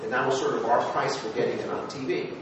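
A man, a former TV news producer, telling anecdotes to an audience, lively and halting with fillers and restarts. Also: medium pitch. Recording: echoey hall, voice from far off with noise.

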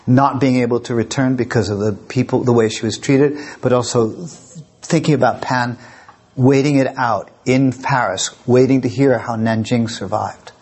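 A man's voice: mid-range voice, moderate pace, darkish tone, breathy edge. A man giving a live lecture and taking audience questions, rambling and repeating his words, openly emotional. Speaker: lecturer and museum director.

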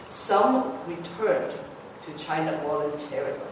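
Man speaker, slightly high voice, animated halting anecdotes, distant in a very echoey hall. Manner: animated storytelling, halting with fillers and restarts. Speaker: former TV news producer giving a talk. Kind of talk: anecdotal talk to an audience. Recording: echoey hall, voice from far off with noise.

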